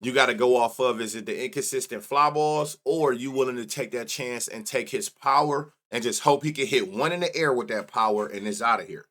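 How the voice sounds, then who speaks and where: A man's voice: medium pitch, fairly quick, hardly any pauses, a bit bright. A man hosting a sports betting show, thinking aloud in casual chat as he reads off numbers and mutters to himself. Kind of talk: casual solo stats rundown.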